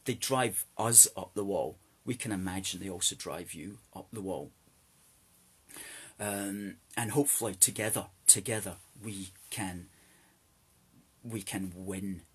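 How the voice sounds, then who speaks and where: A man's voice: deep voice, unhurried, a bit bright, breathy edge. A Scottish man hosting a live-streamed political talk, emphatic and repeating phrases for stress. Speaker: host.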